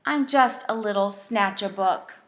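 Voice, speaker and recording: A woman's voice: medium pitch, unhurried, fairly bright tone, roomy sound. A woman voicing a small, sorry male creature who steals books, in a meek, pleading manner for a bedtime storybook.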